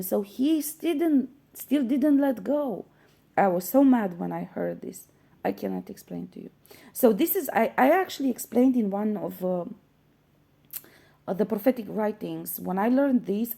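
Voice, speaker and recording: Earnest woman with a gravelly, mellow voice. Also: high voice. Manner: earnest, insistent, many fillers and restarts. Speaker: spiritual channel host. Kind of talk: spiritual teaching monologue.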